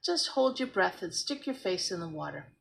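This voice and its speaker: A woman's voice: on the low side, very animated, moderate pace, vocal fry, a bit bright, full character voice, low-quality recording. A woman voicing a confident, teasing older sister, a young girl with a know-it-all manner.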